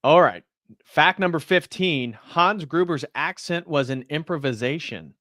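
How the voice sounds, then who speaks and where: Man, slightly high voice, dry close mic, host reading facts aloud in casual chat. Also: a little slow, pushed and bright, no room sound. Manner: reads facts from notes, then chats.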